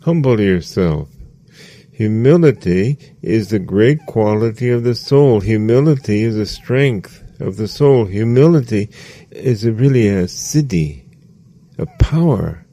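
A man giving a sermon as a spiritual teacher, slow and measured, repeating phrases for emphasis. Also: lowish voice, animated, warm tone.

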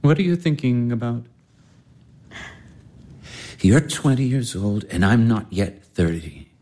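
An actor playing an earnest young baron in love, speaking ardently. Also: male voice, mid-range voice, slow pace, dark tone. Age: young adult. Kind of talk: stage-play radio acting.

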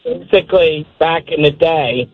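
A man's voice: on the high side, measured pace, no echo. A man calling in to a radio show, rambling through his story with lots of fillers. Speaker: caller. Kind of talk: telling a story on the phone. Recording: muffled phone line.

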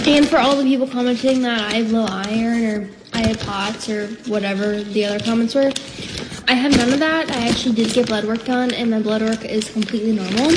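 A woman's voice: a little high, noisy background. A woman talking to camera in a social media video, explaining herself to her commenters in a defensive way.

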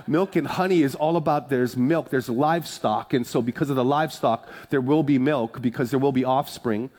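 Emphatic pastor preaching in a reverberant church. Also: male voice, mid-range voice, normal speed, a little mellow. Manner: conversational, repetitive, emphatic. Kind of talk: sermon.

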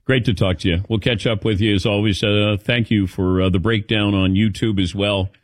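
A man hosting a sports talk show, asking questions with animated, halting delivery and repeated words. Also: on the low side, no room sound, clean studio sound. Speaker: sports radio host.

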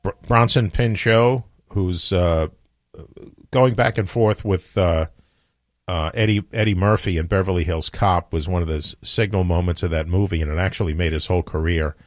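A man's voice: sits low, moderate pace, dry recording, clean studio sound. A man hosting a morning radio show, chatting offhand and rambling with lots of fillers and restarts. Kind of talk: casual morning radio chat.

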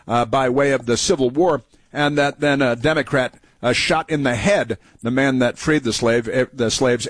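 A man's voice: mid-range voice, no echo. Combative male talk host, dry studio sound. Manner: combative, mocking, many fillers. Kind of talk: political commentary over played clips.

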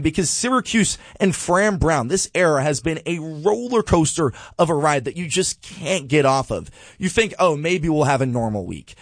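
A man co-hosting a sports podcast, giving exasperated, animated commentary and repeating a refrain. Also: a little high, no room sound.

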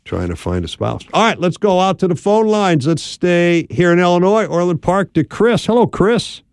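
A man's voice: sits high, big pitch swings, normal speed, no room sound. A man hosting a call-in radio advice show, talking in an encouraging, conversational way.

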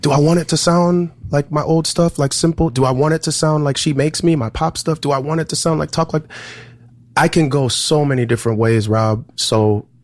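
Earnest male musician, emphatic and halting. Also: fairly high pitch, steady tone. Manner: earnest, emphatic, full of restarts. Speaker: musician guest. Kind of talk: casual interview talk.

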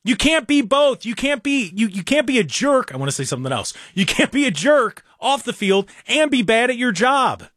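A man's voice: very high voice, big pitch swings, moderate pace, few pauses, a bit bright, dry recording, studio quality. A young adult man, hosting a sports talk show and ranting in an exasperated, emphatic way. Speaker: sports talk radio host.

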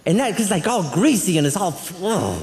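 A man doing a stand-up comedy set on a club stage, telling family stories in an animated way and acting out relatives in quick voices. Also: high voice, slight background noise. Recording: roomy live venue with reverb. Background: audience laughter.

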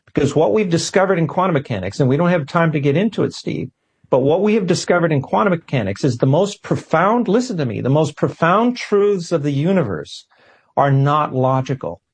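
Husky animated male interview guest. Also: a little high. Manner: animated, self-deprecating, quick asides. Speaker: guest, physicist. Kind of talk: storytelling interview answer.

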